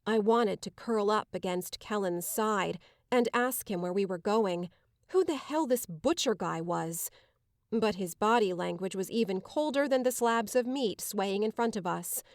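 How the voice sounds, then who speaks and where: A woman reads a dark romance audiobook in the first person, with measured, dramatic pacing. Her voice sits at a mid pitch, and the recording is dry and close with no room sound. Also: expressive, no room sound. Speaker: audiobook narrator. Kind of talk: first-person scripted narration.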